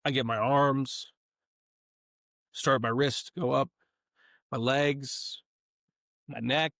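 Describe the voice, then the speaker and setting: Animated storytelling man, dry close sound. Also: medium pitch, slow pace, vocal fry, no echo. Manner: animated, playful storyteller who acts out the other people in his stories. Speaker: guest. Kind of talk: casual storytelling.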